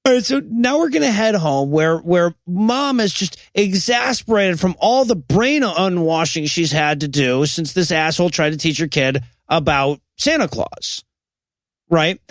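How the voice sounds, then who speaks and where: A man's voice: high-pitched, expressive, unhurried, no echo. A man co-hosting a comedy podcast, recapping movie scenes with mock quotes and frequent laughter. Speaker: podcast co-host. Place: podcast recording.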